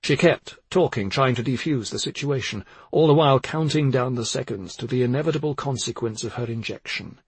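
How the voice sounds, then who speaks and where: A man narrating a thriller audiobook in a measured, even scripted style. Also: medium pitch, breathy edge, no room sound.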